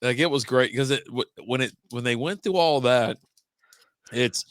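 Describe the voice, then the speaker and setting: A man's voice: mid-range voice, moderate pace, fairly bright tone, no room sound, clean studio sound. A man co-hosting a casual podcast who talks in a loose, rambling way and swears freely. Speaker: podcast co-host. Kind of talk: casual chat.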